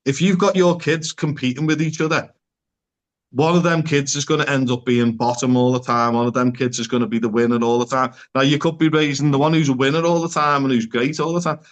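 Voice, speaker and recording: A man's voice: mid-range voice, steady tone, a little fast. A man who is a psychotherapist, talking as a podcast guest in an earnest, conversational way and often posing rhetorical questions.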